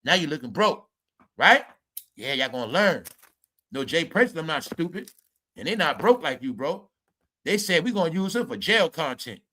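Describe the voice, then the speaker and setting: Brash high-voiced man ranting. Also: big pitch swings, moderate pace, sharp tone. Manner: brash, mocking, repeats "y'all" and "bro". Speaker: commentary streamer. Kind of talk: ranting commentary.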